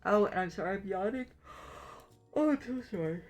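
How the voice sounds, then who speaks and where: A woman's voice: mid-range voice, lively intonation, quick pace, faint music behind. A middle-aged woman who sounds congested and sniffly, chatting with her stream viewers in a rambling, apologetic way full of fillers. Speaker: game streamer. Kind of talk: casual chat with stream viewers while playing.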